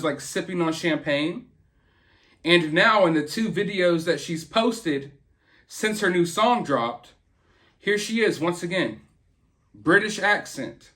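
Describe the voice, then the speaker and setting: A high-voiced man hosts a casual commentary, rambling in an earnest, opinionated manner. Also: fairly bright tone. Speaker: host.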